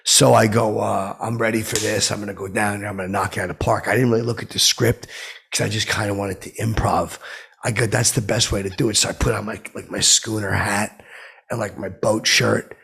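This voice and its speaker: A man with a gravelly, husky voice tells a long comic story in a dim, oblivious deadpan. He rambles with restarts and fillers. His pitch leaps up whenever he acts out what someone said. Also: a little fast. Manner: dim, oblivious character voice that pitches up sharply when quoting people. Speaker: comedic podcast host.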